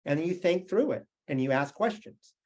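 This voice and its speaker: A middle-aged American man gives a motivational keynote, his fairly high, darkish voice animated at a normal pace. He tells stories conversationally and poses questions to the audience.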